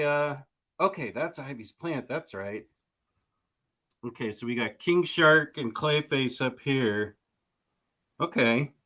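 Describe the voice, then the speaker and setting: A man hosting a casual chat with a guest, laid-back and chuckling, with many fillers and pauses. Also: mid-range voice, bright, forceful tone. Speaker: host.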